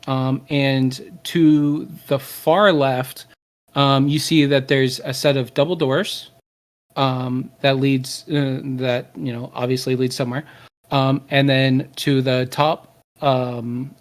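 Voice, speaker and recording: A man's voice: medium pitch, fairly even intonation, takes it slowly. Hesitant man running a tabletop game. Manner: hesitant, full of ums. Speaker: game master.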